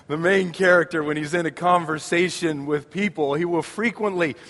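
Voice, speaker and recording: A man preaching with a high, bright voice, his delivery building with passion and surging into loud emphatic peaks. His words ring out with a long reverb, as if filling a large sanctuary. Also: moderate pace. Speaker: pastor. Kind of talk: sermon.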